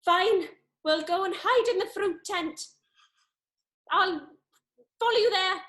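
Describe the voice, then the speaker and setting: Woman playing a nervous South Wales suspect; high voice, pleading, echoey video-call room. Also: slow, fairly bright tone, heavily acted. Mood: anxious. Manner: anxious and pleading. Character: nervous woman suspect hiding out at a food festival. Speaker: improv performer. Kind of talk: live improv comedy.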